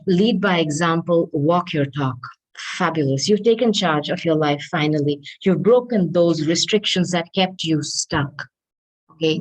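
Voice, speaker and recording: A woman's voice: on the low side, poor audio. A woman giving a tarot reading, talking straight to the listener in an earnest, coaxing way and often checking in with "okay?". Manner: reads card messages aloud slowly. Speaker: tarot reader.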